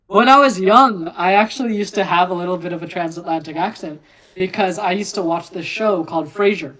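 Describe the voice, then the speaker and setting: A woman with a slightly low voice, explaining ideas in a relaxed group chat. She tells it in a lively, storytelling way, with fillers and small restarts. Her tone stays conversational. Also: brisk, low-quality recording. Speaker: discussion participant. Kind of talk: casual philosophical chat.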